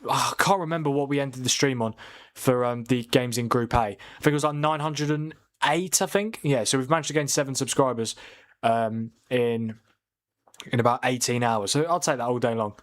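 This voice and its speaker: Lad chatting on a footy stream, reading out comments, laughs a lot. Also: male voice, mid-range voice, fairly even intonation, moderate pace. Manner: chatty, reads viewer comments aloud, laughs often. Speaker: football watchalong streamer. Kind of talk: casual live-stream commentary.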